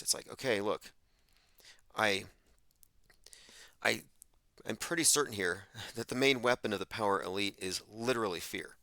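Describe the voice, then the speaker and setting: A man with a lowish, sharp-edged voice holds forth in a podcast monologue. He sounds emphatic and sardonic, and he mocks the people he quotes. The sound is dry and close, with no room around it. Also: moderate pace, pauses often, no room sound. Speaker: podcast host. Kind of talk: monologue commentary.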